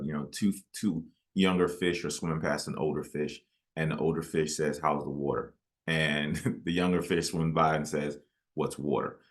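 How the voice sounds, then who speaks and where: A man's voice: a bass voice, a bit bright. A man, a guest author in a webinar interview, explaining his ideas with stories and asides.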